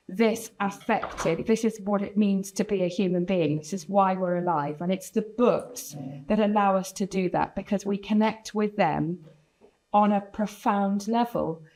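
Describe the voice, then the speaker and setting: A woman's voice: mid-range voice, dark tone, slight background noise, low-quality recording. A woman speaking on a conference panel with passion and emphasis. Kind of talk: panel talk.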